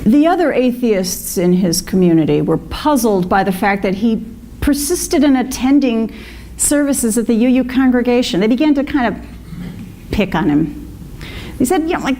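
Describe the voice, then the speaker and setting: A woman's voice: a little high, animated, moderate pace, mellow. A woman minister giving a conversational sermon, with fillers and asides to the congregation. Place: congregation hall.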